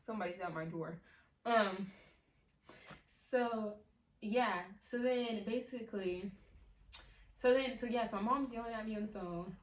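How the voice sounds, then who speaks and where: A woman's voice: medium pitch, normal speed, long pauses, recorded from a distance. Teen girl, casual storytime, chatty with fillers, roomy echo, mic set back. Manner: chatty, many fillers, laughs often. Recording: echoey room, mic set back, faint hiss.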